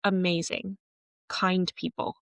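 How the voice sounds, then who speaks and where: Earnest woman podcaster, lowish voice. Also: level tone, slow, a bit bright, no room sound. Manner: earnest, emotional and candid. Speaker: podcast host. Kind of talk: personal storytelling monologue.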